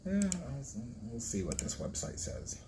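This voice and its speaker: A man's voice: medium pitch, huge pitch swings, a little slow, vocal fry, noisy background. A man hosting a casual live stream, flustered as he stumbles over hard pronunciations and laughs at himself. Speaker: livestream host reading a book.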